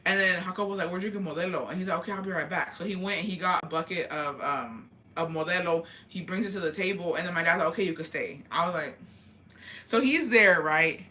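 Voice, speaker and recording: A young woman vlogger telling a casual storytime gossip tale, animated and profane, acting out the dialogue she quotes. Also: fairly low pitch, fast talker.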